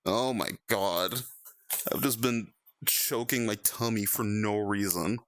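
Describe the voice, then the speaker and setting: A young man streaming in VR, chatting casually with viewers, animated and laughing often. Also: on the low side, slow pace. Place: VR chat stream at home.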